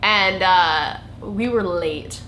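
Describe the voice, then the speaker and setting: A woman's voice: mid-range voice, extremely slow. A young woman from Georgia in the United States, chatting casually with a friend as host of her own vlog. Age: young adult. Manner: chatty storyteller, animated. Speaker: YouTube vlogger, channel host. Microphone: camera mic. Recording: echoey room with faint noise.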